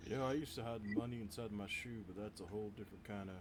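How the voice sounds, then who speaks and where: A man at a tabletop game, delivering lines in a quick, laconic mumble. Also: lowish voice.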